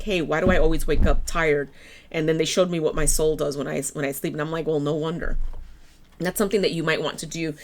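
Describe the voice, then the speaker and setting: Low-voiced, slightly hoarse tarot reader woman. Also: slight background noise. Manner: gentle and encouraging. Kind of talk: tarot reading.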